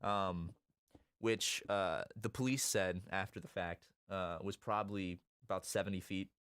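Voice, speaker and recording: A lower-voiced man tells stories in a casual chat, his pitch jumping up and down as he gets into them. The recording is close and dry. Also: measured pace, smooth, no room sound. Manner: animated storyteller, lively swings in pitch. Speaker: co-host. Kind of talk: casual chat while gaming.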